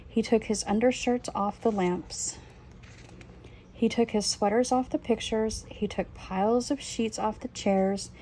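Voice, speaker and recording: Woman reading a kids book out loud, soft mellow voice, bit of background hiss. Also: a little high, fairly even intonation, unhurried, poor audio. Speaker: reader. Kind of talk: reading a children's picture book aloud.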